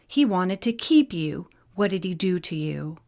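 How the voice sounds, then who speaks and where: A woman's voice: fairly low pitch, very animated, a little slow, vocal fry, darkish tone, heavily acted. A woman voicing a proud, angry winged male spirit warrior who speaks in terse commands in a storybook reading. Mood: commanding.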